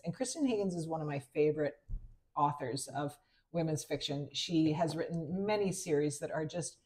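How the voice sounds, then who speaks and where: A woman novelist co-hosting a casual chat podcast, a lively storyteller who slips into the voices of people she quotes. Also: fairly low pitch. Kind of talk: casual chat over wine.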